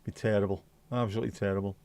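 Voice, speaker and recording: An Irish man hosting a livestream reads out viewer comments in a blunt, mocking way, chatting casually and swearing plenty. His voice is on the low side, dark and level, delivered rapid-fire.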